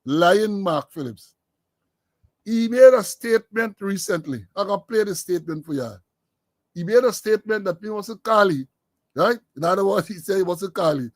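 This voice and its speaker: A man's voice: high-pitched, animated, fairly quick, dry recording. A man with a Guyanese accent hosting a political commentary stream, sarcastic and lecturing, rambling as he goes. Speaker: host.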